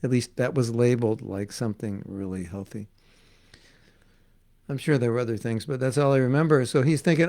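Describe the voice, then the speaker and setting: Older man, spiritual teacher, gravelly voice, lively storytelling, acted-out quotes, chuckling. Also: medium pitch, brisk. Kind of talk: storytelling religious class.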